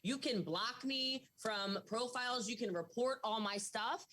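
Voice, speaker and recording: A woman answering interview questions in an emphatic, animated way. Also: on the high side, measured pace, poor audio. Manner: emphatic, animated, quotes others in voices. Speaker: guest.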